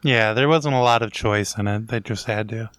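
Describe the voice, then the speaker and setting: A man's voice: fairly low pitch, moderate pace, a bit bright, no room sound. A man cohosting a podcast in casual chat, curious and asking follow-up questions.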